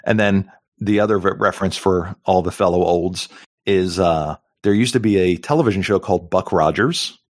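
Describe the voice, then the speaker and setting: Chatty middle-aged podcast host guy, deep voice, jokes around, dry close sound. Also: normal speed, dry recording. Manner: chatty, jokey, rambling with many fillers. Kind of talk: casual chat.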